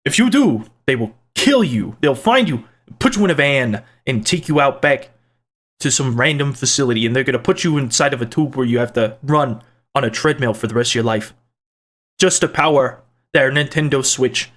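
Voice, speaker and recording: A man's voice: medium pitch, lively intonation, moderate pace, fairly bright tone. A man mimicking an overprotective parent who gives a child an exaggerated, fearful warning. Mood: mock-alarmed.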